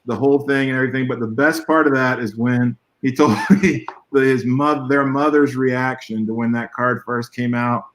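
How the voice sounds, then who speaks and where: A man talks over a video call, spinning a long anecdote in loose, rambling sentences. His pitch sits in an ordinary middle range. He chuckles now and then and keeps an easy, conversational flow. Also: normal speed, few pauses, a little hiss or hum, poor audio. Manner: rambling, animated storytelling with chuckles. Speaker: guest artist. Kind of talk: casual conversation.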